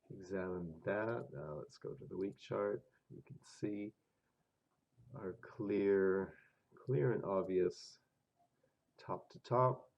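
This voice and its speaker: Stuffed up guy w a cold, deep gravelly voice, slow umming chart talk, muffled lo-fi audio. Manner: thinking aloud with hesitant fillers. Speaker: forex trading video host. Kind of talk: casual chart walkthrough.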